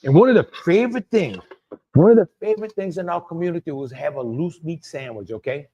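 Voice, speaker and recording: Broadcasting live from Louisiana, this Cajun-accented cooking show host chats his way through a dish, looping back on his own phrases and greeting viewers in the chat by name. His voice is a touch higher than a typical man's, and his delivery is animated and brisk, though the recording has its highs cut off.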